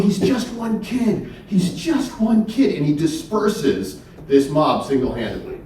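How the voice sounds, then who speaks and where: A middle-aged man delivers a faith-based keynote in a church hall, telling stories earnestly and emphatically with repeated words. His voice is a little high with a darkish tone, captured from far off in the echoey hall with a little hiss or hum.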